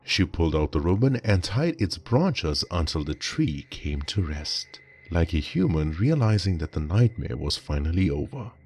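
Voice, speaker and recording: A man reading a scripted horror story in a measured, dramatic way. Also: deep voice, big pitch swings, darkish tone, slight background noise.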